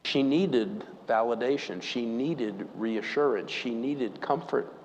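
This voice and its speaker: A man's voice: mid-range voice, takes it slowly, a little hiss or hum. A man preaching a sermon, telling a story and asking the congregation questions. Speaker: pastor. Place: church. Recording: long church reverb.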